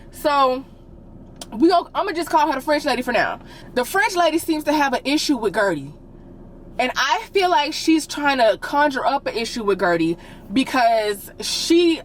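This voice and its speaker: A woman's voice: on the high side, a little hiss or hum. Sassy woman recapping reality TV. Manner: sassy, blunt, slangy commentary. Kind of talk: casual episode recap.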